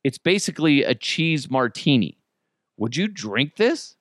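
A man's voice: a little high, big pitch swings, unhurried, dry recording, studio quality. A man hosting a comedy podcast, talking in a crude, joking, rambling way. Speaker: podcast host.

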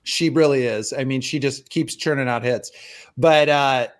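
A man's voice: mid-range voice, normal speed. A young man co-hosting a casual podcast, chatty and joking. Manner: chatty, joking, lots of restarts and laughs. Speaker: podcast co-host. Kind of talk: casual chat.

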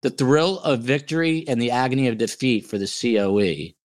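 A man's voice: medium pitch, expressive, fairly quick. A man hosting a podcast livestream in a casual, joking, playfully boastful way, with a New Jersey accent. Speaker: podcast host.

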